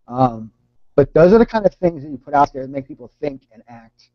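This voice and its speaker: A man running an online team training session. He speaks earnestly and haltingly, restarting and repeating words as he goes. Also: on the high side, animated, dry recording. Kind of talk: live online training talk. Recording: dull, dry lo-fi call audio.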